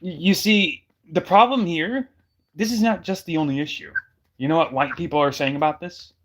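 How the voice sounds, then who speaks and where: A man's voice: a little high, moderate pace, fairly bright tone. A man in casual chat, emphatic and repeating his points for effect.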